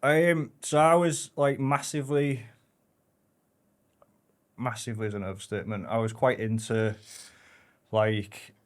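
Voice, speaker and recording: A man, a podcast guest talking casually in a relaxed, rambling way, correcting himself and swearing now and then. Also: mid-range voice, measured pace, long pauses. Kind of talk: casual chat.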